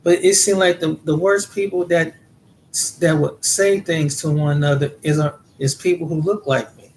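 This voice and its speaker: Man, fairly high voice, rambling casual monologue, faint room hiss behind. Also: normal speed. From United States. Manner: rambling, repeats words, animated retelling. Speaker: vlogger.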